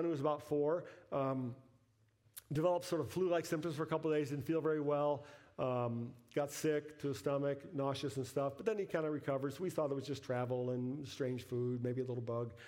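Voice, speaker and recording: A middle-aged man, a pastor preaching a sermon, telling a personal story that builds to emphatic peaks and falls back to soft, quiet lines. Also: a little high, brisk.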